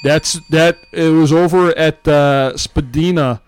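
A man's voice: on the high side, steady tone, slow, smooth, dry recording. A man doing a folksy Canadian newsreader. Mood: jokey. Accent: put-on Canadian. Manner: folksy, tags sentences with "eh". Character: beer-loving Canadian man reading news. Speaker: co-host. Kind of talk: comic podcast bit.

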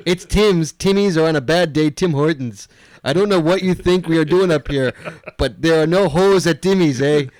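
A man's voice: fairly high pitch, normal speed, a little mellow, dry recording, lightly acted. A man putting on a mock Canadian letter-writer, dry and close. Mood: teasing. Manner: jokey, teasing, heavy on "eh". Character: jokey male Canadian letter-writer, cheeky and chatty. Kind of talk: reading listener email aloud in character.

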